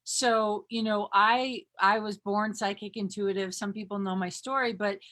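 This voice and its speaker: A woman's voice: mid-range voice, normal speed. A woman in her thirties talking casually and with bubbly energy as a workshop leader, with lots of fillers. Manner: bubbly, animated, frequent fillers. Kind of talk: casual live-stream talk.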